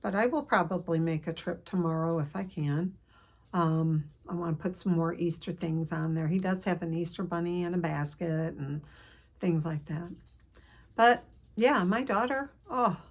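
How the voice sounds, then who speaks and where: An older woman telling a personal family story to camera, earnest and emotional, with pauses and restarts. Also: fairly low pitch. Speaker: counselor vlogger.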